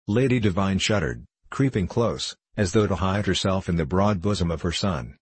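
Deep-voiced man narrating an audiobook. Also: expressive, moderate pace, hardly any pauses, slightly rough, dry recording.

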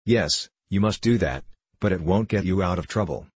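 Guy reading a snappish rude train conductor, low husky voice, storybook. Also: animated, moderate pace, no echo. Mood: gruff. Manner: sneering, snappish.

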